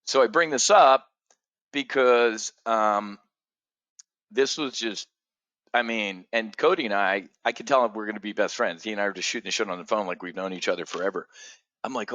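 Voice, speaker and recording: Animated man telling a story with a bright, forceful voice. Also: normal speed, pauses often, dry recording, highs cut off. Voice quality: animated, swears freely, acts out others' voices in high pitch. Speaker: trading community host. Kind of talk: casual storytelling monologue.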